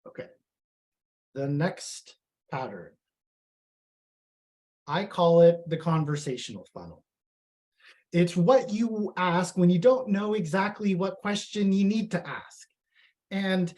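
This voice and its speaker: A man's voice: sits high, a little mellow. A man giving a casual, chatty live tech presentation and reading audience comments aloud.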